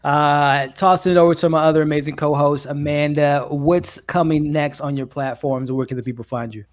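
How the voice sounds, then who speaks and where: Male panel host, slightly high voice, lively and welcoming. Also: normal speed. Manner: enthusiastic, hands off to guests. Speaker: host of a live stream panel. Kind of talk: casual live stream discussion.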